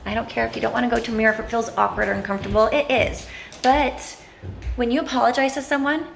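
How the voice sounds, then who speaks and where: A woman's voice: fairly high pitch, steady tone, fast, gravelly, slight background noise. A woman giving a motivational self-help talk to camera at home, earnest and coaxing, often checking in with "okay?". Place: at home, moving to a bathroom mirror. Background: young children nearby.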